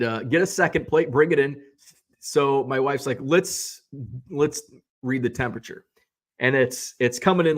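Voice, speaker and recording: A man in the middle of his range, chatting casually as the host of his own show. He tells a story in a loose, wandering way, with wry asides, and he often stops and starts his sentences over. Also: medium pitch. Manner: rambling, self-interrupting, wry storytelling.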